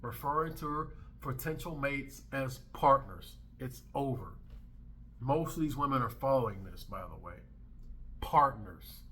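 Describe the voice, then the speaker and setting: Man in his thirties, vlog host; brash emphatic rant, bright tense tone. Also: medium pitch, moderate pace. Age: 30s. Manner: brash, emphatic, swearing freely. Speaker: commentary channel host. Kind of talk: ranting commentary vlog.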